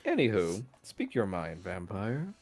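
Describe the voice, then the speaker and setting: An ancient vampire lord, put on by a man running a tabletop game, speaking in a very deep voice with a slow, grave and formal delivery. Quiet music plays softly underneath. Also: wildly swooping pitch, full character voice. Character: ancient male vampire lord, suave and brooding.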